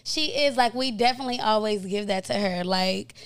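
A woman in casual chat, heartfelt and halting, often repeating words. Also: mid-range voice, clean tone. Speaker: guest friend.

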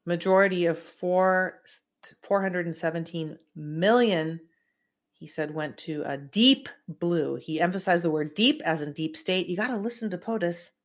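A middle-aged woman from California talks through her online show in a rambling, emphatic monologue, jumping between points with many asides. Her voice sits somewhat low. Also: moderate pace. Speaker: host of an online commentary show. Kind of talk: casual political commentary monologue.

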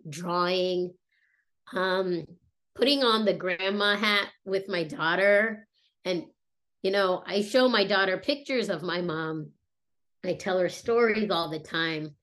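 A woman in her thirties talking casually and reflectively about her family, pausing often with fillers and restarts. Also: mid-range voice, fairly bright tone. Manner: halting, many fillers and restarts. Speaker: guest sharing a personal story.

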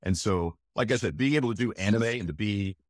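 A man, a voice actor, telling stories in an animated, emphatic way during an interview. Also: on the low side, a little fast, dry recording, clean studio sound. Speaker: voice actor guest. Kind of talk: enthusiastic interview chat.

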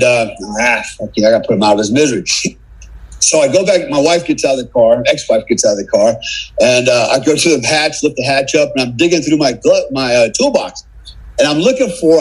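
A man's voice: mid-range voice, expressive, brisk, husky, poor audio. A middle-aged man from the United States, a podcast guest telling a casual story with swearing, tagging lines with "man" and "right?". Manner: salty, swearing, keeps adding "man" and "right?".

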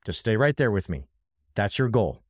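A man's voice: on the low side, big pitch swings, normal speed, a little mellow, no room sound, clean studio sound. Impassioned man in political commentary. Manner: impassioned, emphatic, addresses co-host directly. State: worked up. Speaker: podcast co-host.

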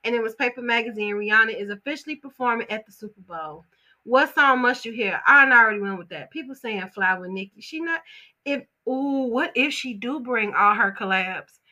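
A woman talks through celebrity gossip in a casual, opinionated way. Her voice sits a little high and sounds bright and forceful. She is animated and chatty, full of slang and quick asides.

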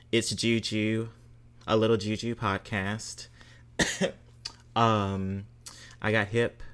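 A man hosts his podcast in an easy, unhurried drawl, reading listener reviews aloud. His voice is bright and crisp, sitting a little low. He keeps it playful and breaks into loud, exclamatory emphasis. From Southern United States. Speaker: podcast host.

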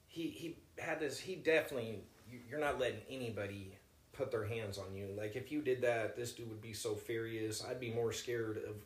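A man's voice: medium pitch, fairly even intonation, normal speed, roomy sound. A man co-hosting a podcast, talking in a rambling casual way with many fillers. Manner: rambling, hesitant, lots of fillers. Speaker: podcast co-host. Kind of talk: casual chat.

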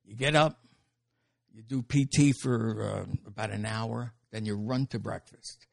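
An older man telling stories as an interview guest, animated and laughing, with casual swearing. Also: on the low side, unhurried, vocal fry. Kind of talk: storytelling in an interview.

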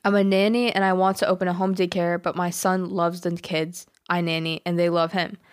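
A woman with a somewhat low voice reads a listener's letter on a podcast. Her delivery is plain and steady, with small chuckles at the jokes. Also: fairly quick, clean tone. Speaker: podcast co-host. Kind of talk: reading a listener letter aloud.

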